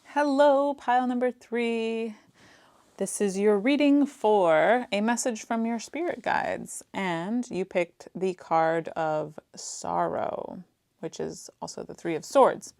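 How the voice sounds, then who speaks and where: A woman's voice: medium pitch, slow, creaky, darkish tone, dry recording, studio quality. A woman giving a pick-a-card tarot reading in a chatty, reassuring way, full of fillers. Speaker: tarot reader.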